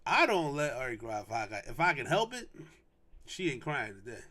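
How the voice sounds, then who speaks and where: Animated young man telling a story. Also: fairly high pitch, normal speed. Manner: animated, slangy, repeats lines for emphasis. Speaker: podcast host. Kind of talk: casual storytelling.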